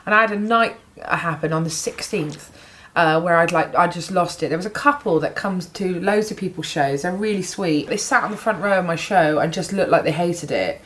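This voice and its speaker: A woman in her thirties with a Bristol accent, a comedian chatting casually and telling lively, sweary anecdotes with frequent laughs. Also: on the low side, moderate pace, few pauses, a little hiss or hum. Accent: Bristol English. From England, Bristol. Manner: animated anecdotes, swears freely, laughs often. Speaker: comedian guest. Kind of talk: casual podcast chat, storytelling.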